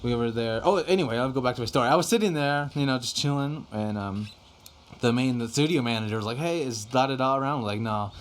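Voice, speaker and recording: This is a fast-talking young man with a mid-range voice, casually swapping studio stories as a podcast guest. He rambles, leans on fillers and swears casually.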